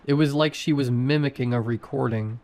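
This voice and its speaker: A man's voice: mid-range voice, fairly quick, a little mellow. A man narrating a first-person horror story in short, tense sentences.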